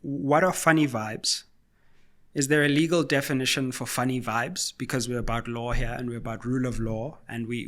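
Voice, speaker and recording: A man from Africa, hosting a solo political commentary and arguing point by point in a questioning, measured way. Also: mid-range voice, pushed and bright. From South Africa.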